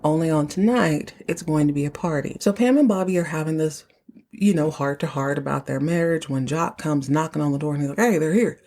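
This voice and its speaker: Animated woman host with a low-pitched voice. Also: fairly quick. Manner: chatty and animated, acting out characters' lines. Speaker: podcast host. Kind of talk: casual episode recap.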